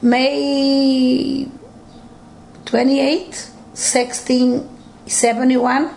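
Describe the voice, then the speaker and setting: A woman's voice: high voice, extremely slow, creaky, slight background noise, poor audio. An older woman with a Portuguese accent, telling her family history in broken English during an interview at home. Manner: broken English, animated storytelling with acted quotes.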